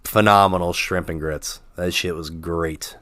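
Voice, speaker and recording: A man's voice: deep voice, steady tone, a little slow, sharp tone, dry recording. A man from Arkansas on a podcast, talking casually and laid-back, swearing and laughing often. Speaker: podcast co-host. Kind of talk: casual chat.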